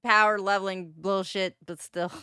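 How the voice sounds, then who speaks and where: A woman's voice: medium pitch, flat delivery, moderate pace, pushed and bright. A woman streamer reacting to a video in casual, profane chat, exasperated and often laughing.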